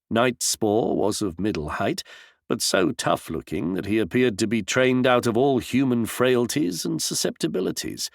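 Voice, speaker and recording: Male audiobook narrator, gravelly, lively intonation, dry close-mic read. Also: fairly low pitch, no echo. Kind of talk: scripted narration.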